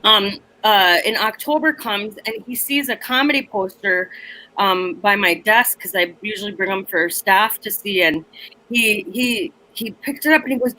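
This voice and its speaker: A woman comedian and teacher telling a story on a video call, animated and laughing, acting out voices. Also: on the high side, a little slow, poor audio. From Minneapolis area.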